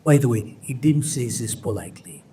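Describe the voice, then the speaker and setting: A man's voice: medium pitch, moderate pace. An older man delivers a motivational keynote, calling out to the crowd and acting out the people in his stories. His voice is heard from a distance, with a faint hum of a large hall behind it. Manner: animated, addresses audience as folks, acts out quoted people. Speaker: motivational speaker. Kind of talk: keynote speech with storytelling. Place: large auditorium with audience.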